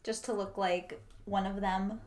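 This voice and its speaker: A woman's voice: medium pitch, fairly even intonation, a little slow, darkish tone. Chatty female player, casual and filler-heavy. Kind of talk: casual tabletop play.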